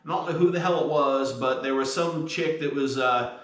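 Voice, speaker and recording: A man's voice: mid-range voice, normal speed, a bit bright. A man hosting a casual beer podcast, rambling and crude with lots of fillers. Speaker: podcast host. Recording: echoey room.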